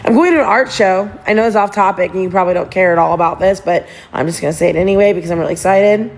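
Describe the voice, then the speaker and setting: Woman livestream host, gossipy and giggly, rambling chat into a phone, slight vocal fry. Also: medium pitch, racing. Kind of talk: casual livestream chat to viewers.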